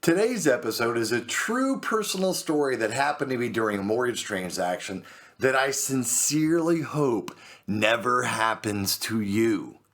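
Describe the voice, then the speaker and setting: Man, storyteller, lively swooping pitch, bright voice, acts out the people in his story. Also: normal speed, faint music behind. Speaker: host. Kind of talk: storytelling monologue.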